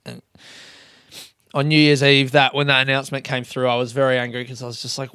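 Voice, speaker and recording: A man's voice: mid-range voice, little pitch movement, normal speed, gravelly, a bit bright, clear, resonant tone, no echo, studio quality. A young Australian man, a stand-up comedian, hosting a solo podcast monologue and swearing constantly in loose, rambling bursts.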